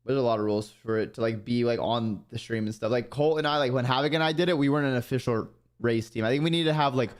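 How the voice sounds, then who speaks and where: A man's voice: medium pitch, quick pace, few pauses. A young man chatting casually on his stream in a laid-back way, trailing off into fillers.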